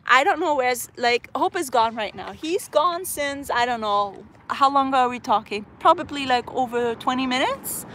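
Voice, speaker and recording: A woman's voice: high-pitched, a bit bright, slight background noise. Chatty woman vlogging outdoors in a park. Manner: chatty and passionate, full of "like" fillers. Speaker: parrot trainer and vlogger. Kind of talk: casual vlog talk to camera. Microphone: phone she is filming with.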